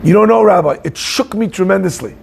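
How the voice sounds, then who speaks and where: A man giving an animated storytelling sermon, acting out the people in his story. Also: high-pitched, brisk, gravelly, slight background noise. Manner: animated storyteller, acts out shouting voices. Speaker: rabbi giving a talk.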